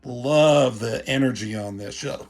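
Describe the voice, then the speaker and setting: Husky dude rambling thru comic pages, cusses a ton, says like constantly. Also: male voice, mid-range voice, measured pace, a little mellow. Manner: rambling and profane, heavy filler "like". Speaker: guest comic commentator. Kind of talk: casual comic-page commentary.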